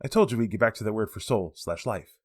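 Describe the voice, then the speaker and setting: A man giving a sermon that explains a Bible passage, lively and expressive, with casual asides. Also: fairly low pitch, fast, breathy edge. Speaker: preacher.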